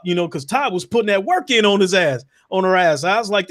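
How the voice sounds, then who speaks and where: A man, calmly recounting his playthrough in a casual chat. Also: high-pitched, a little fast, few pauses. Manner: relaxed, laughs along, recounts gameplay.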